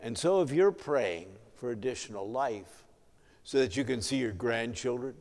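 A male pastor preaching an evening sermon, telling the story in a measured way and letting his voice swell and drop for emphasis. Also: medium pitch, lively intonation, a little mellow. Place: church sanctuary. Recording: long hall reverb.

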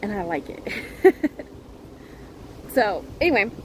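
A woman chatting earnestly to her viewers as a crochet vlogger, halting and restarting as she goes. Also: mid-range voice, very animated, slight background noise, poor audio. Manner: earnest, heartfelt. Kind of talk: casual chat to viewers.

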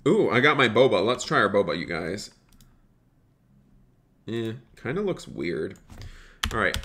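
A man live-streaming a roleplay game, chatting excitedly with his viewers and calling out to customers, often repeating his phrases. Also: mid-range voice. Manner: excitable, chatty, talks straight to his chat; repeats phrases, calls out in a raised shop-counter voice. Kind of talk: live gaming stream commentary.

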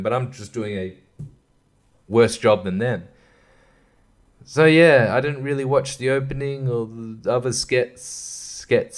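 Crude rambling man, solo podcast. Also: mid-range voice. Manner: crude, rambling, swears freely, laughs often. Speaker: podcast host. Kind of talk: casual solo podcast chat.

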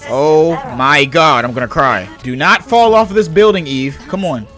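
A young man doing casual gameplay commentary as a gaming YouTuber, excitable and slangy, yelping and shouting at the game. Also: fairly high pitch, moderate pace, faint music behind.

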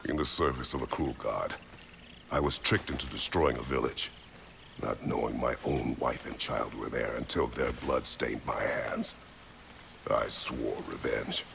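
An actor playing a grim, guilt-worn war god in a video game, speaking slowly and solemnly in a deep gravelly voice. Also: male voice, steady tone, full character voice. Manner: slow, solemn, clipped. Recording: game audio with background noise.

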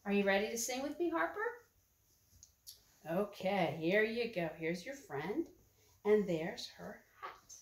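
A woman's voice: mid-range voice, big pitch swings, unhurried, pauses often. An older woman leading small children through a farm-animal sing-along, asking patient, coaxing questions. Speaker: guest reading to children. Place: library. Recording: echoey room, far from the mic.

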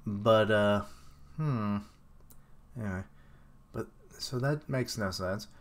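A man's voice: fairly low pitch, slow pace. A man casually reacting to a comic chapter he reads live, rambling and chuckling as he thinks aloud.

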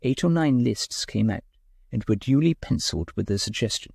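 A man narrating a short story in an expressive, lilting way. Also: mid-range voice, normal speed, vocal fry, breathy edge, no echo, clean studio sound. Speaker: audiobook narrator.

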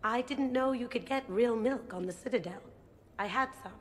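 A woman voicing a deadpan thief, echoing. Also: on the high side, moderate pace, natural voice. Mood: wry. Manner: deadpan humor. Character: playful young female thief, wry. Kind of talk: video game voice acting.

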